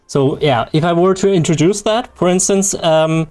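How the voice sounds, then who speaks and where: A young German-native man streams games with a high, mellow voice, chatting casually as he rambles, cracks jokes and laughs a lot.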